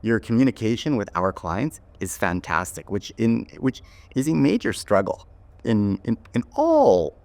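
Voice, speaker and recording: Low-voiced man hosting a podcast. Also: sing-song, unhurried, a little mellow, dry recording. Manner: thoughtful, many "right?" tags and restarts. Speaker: podcast host and company owner. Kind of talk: casual podcast interview.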